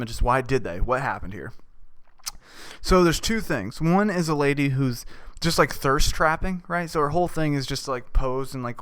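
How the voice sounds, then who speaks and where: Man ranting sarcastically, very lively pitch. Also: clear, resonant tone, dry recording. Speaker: podcast host. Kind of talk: comedic podcast rant.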